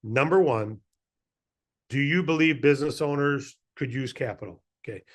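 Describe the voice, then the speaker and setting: A male trainer pitching to a room of brokers, energetic and persuasive, with a lot of repetition. His voice is mid-pitched and conversational. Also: normal speed. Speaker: business trainer. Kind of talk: motivational training talk with a fable.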